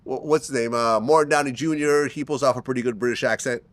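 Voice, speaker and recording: A man's voice: mid-range voice, fairly even intonation, fast talker, dry recording. A man hosting an interview in a conversational way, asking probing questions. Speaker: interview host. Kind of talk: casual interview chat.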